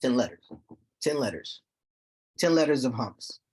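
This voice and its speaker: Man, husky voice, teacher in a classroom, repeats himself, keeps asking if students follow. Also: mid-range voice, lively intonation, unhurried, darkish tone. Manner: repeats points, checks students with "okay?". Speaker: Quran recitation teacher. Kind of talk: classroom lesson.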